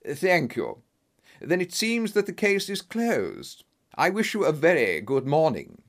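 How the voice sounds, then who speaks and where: Clever detective, male narrator, cold and clipped, lively intonation. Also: a little high, measured pace, heavily acted. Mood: cool. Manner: cool and clipped.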